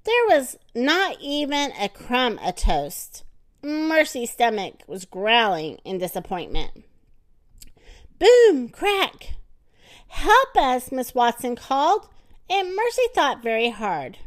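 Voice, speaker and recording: A woman reading a children's story aloud in an expressive, animated manner with dramatic pauses. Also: on the high side, no room sound, studio quality.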